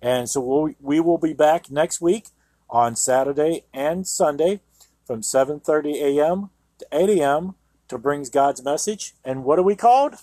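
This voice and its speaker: A Christian radio show host who teaches the Bible reads scripture and comments on it like a sermon, in a warm voice that sits on the high side. He speaks at a moderate pace with no echo, and his tone is earnest and emphatic, with frequent use of "you know."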